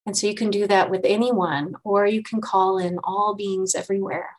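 A woman meditation teacher giving a dharma talk to her group, gentle and unhurried, pausing and restarting often. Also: mid-range voice, fairly even intonation, rough recording.

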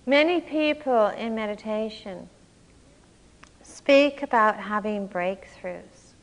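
A woman meditation teacher giving a slow, reflective dharma talk with long pauses. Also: mid-range voice, in a large hall. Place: large meditation hall.

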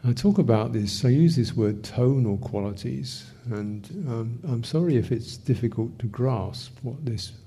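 An older man from England teaching meditation, speaking in a reflective, thinking-aloud way with touches of gentle humor. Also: mid-range voice, unhurried, hardly any pauses, husky. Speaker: meditation teacher answering questions. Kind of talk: unhurried Dharma talk.

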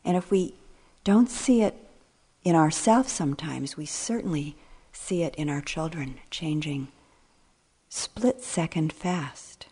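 Low husky older woman teaching meditation. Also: dark tone. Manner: slow, reflective, trailing phrases, sometimes dropping to a near whisper. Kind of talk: dharma talk.

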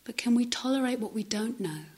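Soft, breathy woman teacher. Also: a little high, lively intonation. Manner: soft, halting, often dropping to a near-whisper. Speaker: meditation teacher. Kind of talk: reflective dharma talk.

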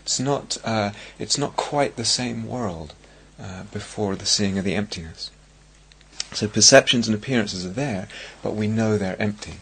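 Slow, gravelly-voiced man giving a dharma talk. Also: lowish voice, a bit bright, a little hiss or hum. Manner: slow, searching, with many pauses and restarts. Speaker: meditation teacher.

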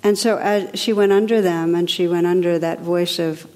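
Gentle low-voiced woman meditation teacher. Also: fairly even intonation, normal speed. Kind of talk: spiritual dharma talk. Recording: long reverb of a large hall.

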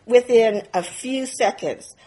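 Woman giving a laughing, animated dharma talk. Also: a little high, slow pace, rough recording. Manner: animated, self-mocking, laughing while telling. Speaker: meditation teacher. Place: retreat center meditation hall.

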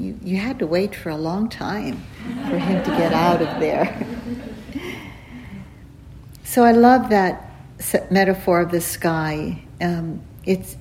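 A woman meditation teacher giving a dharma talk in a gentle, unhurried way, with pauses and fillers and soft laughs at her own stories. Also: on the low side, slight background noise, low-quality recording. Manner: laughs softly while telling stories. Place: retreat center hall.

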